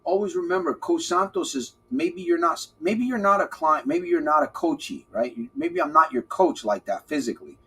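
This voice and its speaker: Male live-stream coach, husky voice, lively pitch, playful and repetitive. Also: normal speed, hardly any pauses. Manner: animated, playful, repeats phrases for emphasis. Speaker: recovery coach hosting a live podcast. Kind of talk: live-stream talk, answering chat.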